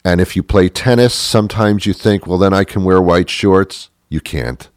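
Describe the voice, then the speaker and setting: A man hosting a comic monologue, ranting in a deadpan way with emphatic repetitions. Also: sits low, normal speed, no echo, studio quality. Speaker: host.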